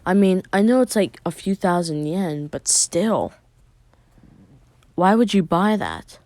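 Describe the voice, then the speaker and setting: A man's voice: high-pitched, sing-song, takes it slowly, darkish tone, dry recording, exaggerated voice. A man voicing an exasperated teenage girl ninja in a fan story.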